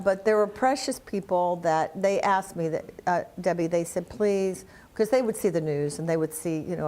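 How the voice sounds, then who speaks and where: An older woman speaks as an interview guest with a slightly low-pitched voice. She tells her stories with energy, laughs often, and restarts her sentences freely as she goes. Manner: animated storyteller, laughs often, many restarts. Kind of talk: conversational storytelling.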